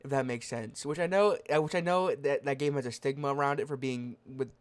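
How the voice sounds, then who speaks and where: A man's voice: mid-range voice, a little fast, clear, resonant tone. A tired young man rambling casually as a streamer, with a slight lisp from a sore tongue, full of fillers and restarts. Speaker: streamer vlogger.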